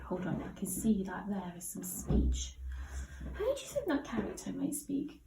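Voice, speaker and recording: A woman with an English accent teaching a child to read, encouraging, and slowing down to read lines with lots of expression. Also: mid-range voice. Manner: encouraging, slow and expressive when modelling sentences. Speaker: primary school teacher. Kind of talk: guided reading lesson with a child. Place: school classroom. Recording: roomy classroom with faint background hiss.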